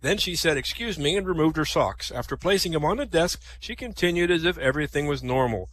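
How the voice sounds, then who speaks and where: A man hosting a comedy night, telling stand-up jokes, laughing at his own punchlines and often clearing his throat. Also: on the high side, quick pace.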